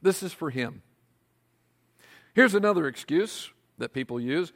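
Animated male pastor preaching. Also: on the high side, moderate pace, long pauses. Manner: animated, asks the congregation rhetorical questions. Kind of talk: sermon.

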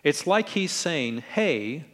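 A middle-aged man preaching a conversational sermon in a relaxed, friendly way, acting out quoted lines in different tones. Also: fairly high pitch, measured pace, long reverb tail. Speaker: pastor.

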